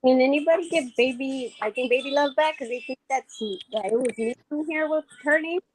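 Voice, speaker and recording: A woman calling into a live panel chat, talking in a rapid-fire rush and stumbling over her words. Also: sits high, a little hiss or hum. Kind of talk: casual chat.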